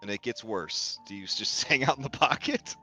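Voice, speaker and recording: A man's voice: medium pitch, animated, normal speed, pushed and bright, soft background music. A man running a tabletop game as game master, narrating in a laid-back, jokey way with casual swearing.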